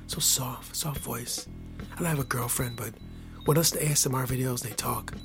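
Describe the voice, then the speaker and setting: A man hosting his own podcast, talking casually in a rambling, repetitive, playful way that swings from hushed to excited. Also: medium pitch, a little fast, faint music behind. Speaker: podcast host. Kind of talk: casual solo podcast monologue.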